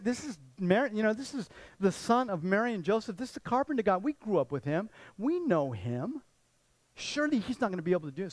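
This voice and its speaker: A man preaching a sermon as pastor, retelling scripture stories with animated voices for the people in them. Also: sits high, dry recording.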